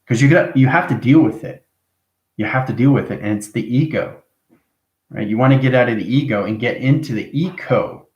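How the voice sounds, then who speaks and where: A spiritual vlogger offers advice to his viewers, nudging them along with "okay?" and "right?" and repeating phrases for emphasis. His voice is on the low side with a darkish tone, recorded in an echoey room.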